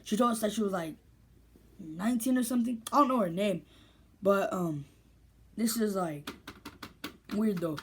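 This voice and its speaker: A woman's voice: mid-range voice, moderate pace, long pauses, slightly rough. A woman vlogger telling a story in casual, rambling, slangy speech with lots of restarts.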